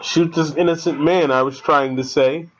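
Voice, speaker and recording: A man giving casual commentary over a horror film, excitable and swearing as he talks back at the screen. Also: on the high side, moderate pace, a little hiss or hum. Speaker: fan commentator. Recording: dull lo-fi sound with faint film music.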